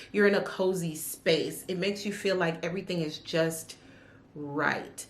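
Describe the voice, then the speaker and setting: A woman chatting casually about books she has read, sassy and animated, with big swings in her voice. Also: fairly low pitch, unhurried, a little hiss or hum. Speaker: book vlogger. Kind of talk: casual book review chat. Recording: echoey room.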